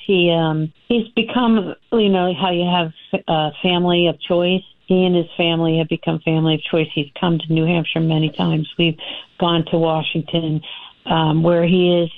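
An older woman, a nonprofit founder, telling stories in a casual interview and acting out the voices in her anecdotes. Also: fairly low pitch. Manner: animated storyteller, acts out voices in anecdotes. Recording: phone line.

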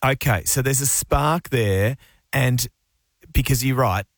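A man's voice: medium pitch, takes it slowly, no echo. A man co-hosting a radio show, teasing and gossipy. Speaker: radio co-host. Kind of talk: casual radio banter. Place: radio studio. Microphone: studio microphone.

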